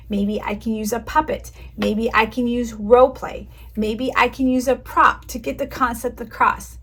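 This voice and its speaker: A woman tutor giving clear, encouraging, teacherly answers to interview questions and acting out a mock lesson. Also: a little high, a bit bright. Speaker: online tutor.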